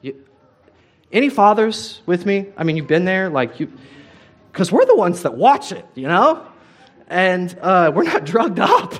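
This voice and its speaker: A man's voice: high voice, very animated, unhurried, pauses often, a bit bright. A man, a pastor, preaching a sermon in a conversational way, often turning to ask his congregation questions.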